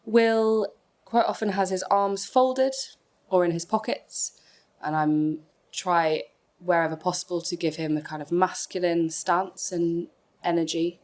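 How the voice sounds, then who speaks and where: A woman's voice: lowish voice, a little slow, darkish tone. A woman in her thirties with a mild West Midlands accent, a stage actor describing herself matter-of-factly for an audio introduction. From England. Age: 30s.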